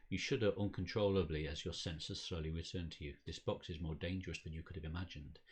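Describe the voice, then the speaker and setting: A man reads the story text of a card game scenario aloud for a podcast, steady and measured. His voice is very deep and husky.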